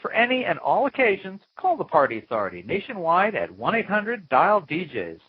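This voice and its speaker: In a small Florida home studio, a man opens his interview podcast with playful chatter and mock-dramatic asides. His high-pitched voice swoops wildly and runs fairly quick with a slight roughness, and the audio is narrow and tinny.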